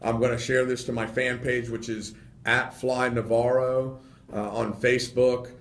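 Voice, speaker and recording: Animated man telling fishing stories. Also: medium pitch, a little slow, reverberant. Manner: animated storyteller, many fillers. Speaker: fishing guest. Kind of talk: casual radio studio chat. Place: radio studio.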